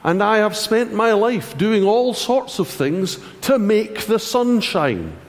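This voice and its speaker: A man giving a sermon, conversational and animated, with wry asides. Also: high-pitched, slow, long reverb tail. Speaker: preacher.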